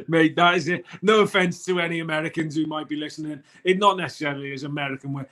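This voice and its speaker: A man's voice: a little high, fairly even intonation, fairly quick, bright, forceful tone. A man with a British accent co-hosting a morning wellness chat, talking earnestly and rambling with many restarts. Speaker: co-host of a morning wellness show. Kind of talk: casual morning show chat.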